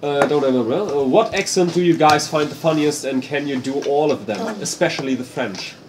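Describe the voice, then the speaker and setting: A young German man with a German accent, co-hosting a casual feedback chat, talking haltingly with many fillers and restarts. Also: on the high side. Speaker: co-host. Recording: noisy room recording.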